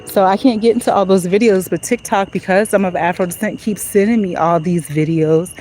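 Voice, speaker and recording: A woman's voice: medium pitch, fairly even intonation, a little fast, a little mellow, slight background noise, low-quality recording. Reflective woman talking while walking. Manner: conversational, reflective, peppered with "you know". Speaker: vlogger. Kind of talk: casual walk-and-talk monologue. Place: outdoors on a street at night.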